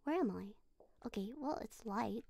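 A woman's voice: high-pitched, animated, measured pace, fairly bright tone, dry recording. A woman streaming a horror game, not a native English speaker, talking nervously and swearing when startled. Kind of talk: live horror game playthrough.

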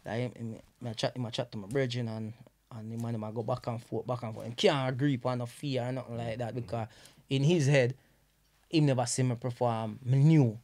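Man, Jamaican accent, podcast guest, animated patois storyteller, mid-pitched, steady delivery. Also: a little fast. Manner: animated anecdotes in patois, many restarts. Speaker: guest comedian.

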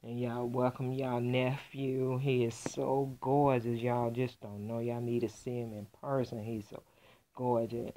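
A woman's voice: rumbling low, flat delivery, a little slow, warm tone, slight background noise. A woman vlogger telling a heartfelt, gushing story in a casual chat, close to tears. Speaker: doll collector vlogger. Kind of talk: casual vlog reveal.

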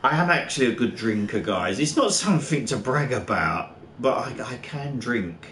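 A man's voice: medium pitch, sing-song, normal speed, fairly bright tone, a little hiss or hum. A middle-aged man hosting a livestream, chatting casually while gaming and drinking, laughing and swearing through boisterous banter. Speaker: livestream host. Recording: echoey room with faint ambience.

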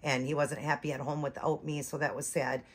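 Talking to her viewers, this woman in her forties, a reborn doll vlogger, rambles through a long story. Her voice is deep and slightly rough, with a level tone and a fairly quick pace.

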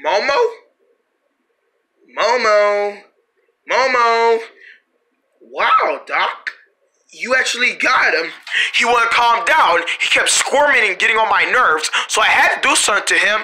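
A man's voice: high voice, expressive, measured pace, pauses often, pushed and bright. A man in a homemade character skit, talking in a casual, scolding and coaxing way with slang.

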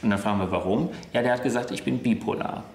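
Low-voiced doctor in an echoey room. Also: male voice, quick pace, darkish tone. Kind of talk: interview.

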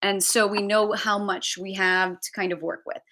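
Bright-voiced chatty woman hosting a livestream. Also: mid-range voice, little pitch movement, normal speed. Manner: chatty, thinking aloud, self-correcting. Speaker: travel budgeting host. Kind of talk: live-streamed tutorial with screen share. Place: home basement.

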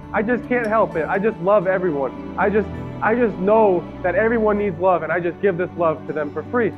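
A man voicing a gentle, devout young woman prisoner in a sermon story, sincere and pleading. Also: high-pitched, natural voice. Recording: tinny phone-like audio.

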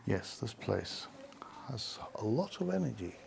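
A man hosting a ghost-hunting vlog, talking in a hushed voice as he walks through the rooms of an old mansion. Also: on the low side, sing-song, measured pace, vocal fry, crowd noise. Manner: hushed, keeping his voice down. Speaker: paranormal investigator host. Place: rooms of a large historic mansion, indoors.

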